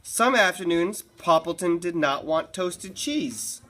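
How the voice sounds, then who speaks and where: A woman's voice: lowish voice, expressive, slow pace, a bit bright. A woman teacher reading a picture book aloud to her class in a classroom, with chatty asides and easy laughs.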